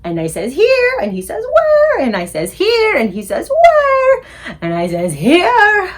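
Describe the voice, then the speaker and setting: A woman voicing an excitable, startled father who shouts in a loud, squeaky way. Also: normal speed.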